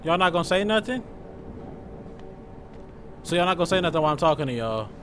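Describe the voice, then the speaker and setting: A young man giving joking, loud let's-play commentary, full of slang as he reacts to the game. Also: on the high side, big pitch swings, quick pace, a little hiss or hum. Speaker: gaming streamer.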